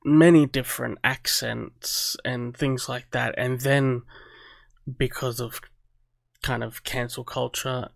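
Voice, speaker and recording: Gravelly podcast guy, animated, says like a lot, dry close mic. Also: medium pitch, slow pace, no room sound. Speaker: podcast co-host. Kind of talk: casual chat.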